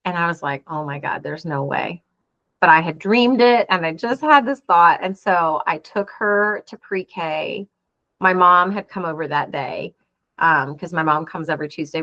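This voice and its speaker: A woman's voice: lowish voice, bright, forceful tone, dry recording. A woman in her forties telling a personal story in an interview, earnest and acting out the dialogue as she goes. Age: 40s. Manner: earnest, acts out quoted dialogue. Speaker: interview guest. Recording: dull, dry lo-fi sound.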